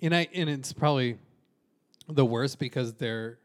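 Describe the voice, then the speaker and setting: A man's voice: mid-range voice, normal speed. A man co-hosting a podcast, joking and hesitating with restarts in casual chat. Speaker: podcast co-host.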